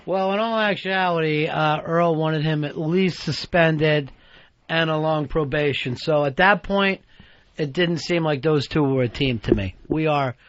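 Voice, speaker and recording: A radio talk show host with a fairly high, bright voice speaks at an unhurried pace. He blusters, makes mock threats and swears freely in profane banter from a radio studio. The satellite broadcast sounds dull and archival.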